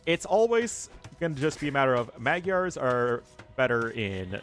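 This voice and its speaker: A man's voice: mid-range voice, very animated, moderate pace. An American man casts a live strategy game in a loose, chatty way, laughing easily as he answers chat. His voice sits in a middle range. Faint music plays behind him. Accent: General American. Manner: casual, chatty, laughs often. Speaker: caster.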